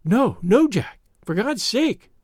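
A man's voice: high voice, big pitch swings, fairly quick, darkish tone, dry recording, studio quality. A man voicing a frightened young wife, breathless and imploring, in an audiobook reading. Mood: anxious. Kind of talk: audiobook character voice.

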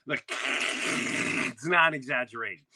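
A man hosting a podcast, telling neighborhood stories in a loose, animated way, with lots of false starts. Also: medium pitch, measured pace, heavy background noise. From grew up in a city neighborhood near an airport. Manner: animated, with many restarts and acted-out quotes. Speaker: podcast host. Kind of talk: casual storytelling chat.

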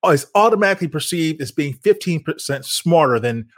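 An American man hosting an interview, effusive and quick to laugh and compliment his guest. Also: a little high, expressive. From United States. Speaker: host.

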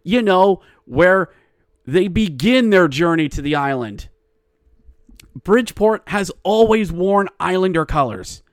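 A man's voice: high-pitched, dry recording, clean studio sound. A man hosting a solo hockey podcast, ranting in exasperation and working himself up as he goes. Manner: exasperated ranting, getting louder and riled up. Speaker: podcast host. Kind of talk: solo sports podcast rant.

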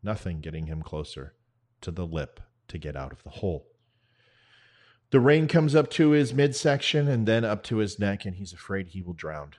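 A man hosting his own show, telling a spoken parable in an earnest, measured way with dramatic pauses. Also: low-pitched, sing-song. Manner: veteran advocate. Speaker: show host. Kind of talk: spoken parable, storytelling monologue.

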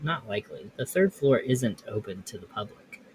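On his podcast, a man reads ghost stories aloud and then breaks off for offhand remarks. His mid-range voice moves along at a normal speed with lively intonation and a slightly mellow tone, and there's a faint hiss or hum in the audio.

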